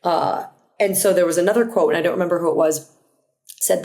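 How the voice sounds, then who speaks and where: A woman with a fairly low voice hosts her own podcast alone, talking earnestly and reflectively. She often starts a phrase over and then carries on, and now and then drops in a quick aside. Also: a little mellow. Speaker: podcast host. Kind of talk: motivational solo podcast talk.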